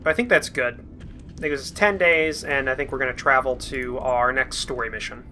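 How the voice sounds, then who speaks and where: A man hosting a let's play, thinking aloud in relaxed, chatty gameplay commentary. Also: medium pitch, moderate pace, slight background noise.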